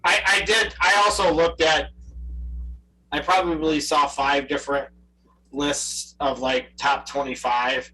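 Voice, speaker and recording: A man's voice: a little high, fairly even intonation, measured pace, pushed and bright, recorded from a distance, rough recording. A middle-aged man co-hosting a casual chat show, chatty and full of fillers. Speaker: podcast co-host.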